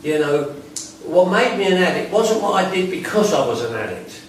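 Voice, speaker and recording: Brief: plain-spoken man addressing a recovery workshop, pitched a little high, heard from across a booming, echoey room. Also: big pitch swings, normal speed. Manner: blunt, conversational, mixes in laughs and asides. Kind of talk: informal talk to a recovery group. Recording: very echoey room, mic far off, faint noise.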